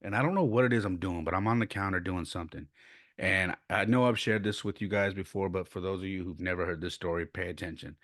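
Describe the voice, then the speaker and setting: A man's voice: low voice, quick pace, fairly bright tone, no room sound, studio quality. A man from San Jose hosting a podcast and telling family stories in a casual, rambling way from his bedroom at home. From San Jose, California. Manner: rambling, conversational, with restarts and laughs. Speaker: podcast host. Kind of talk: casual storytelling monologue. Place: bedroom at home, child sleeping nearby.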